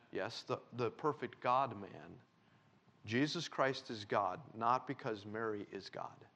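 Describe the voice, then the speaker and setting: A man preaching a sermon, a father with a young daughter, reading scripture slowly and loudly and talking in an animated way. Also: fairly low pitch, muffled recording. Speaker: pastor.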